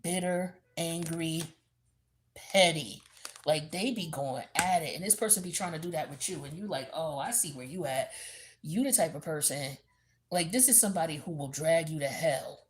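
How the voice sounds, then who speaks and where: A woman giving a blunt, animated tarot reading in a casual, profane, slangy way. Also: deep voice. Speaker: tarot reader.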